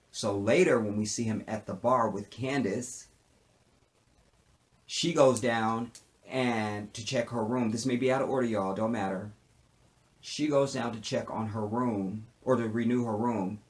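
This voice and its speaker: A man talks through a TV episode in a loose, animated recap. He slips into slang and repeated tag phrases, and his voice sits a little low. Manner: animated, acts out character lines in quick impressions. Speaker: TV show reviewer. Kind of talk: casual recap commentary.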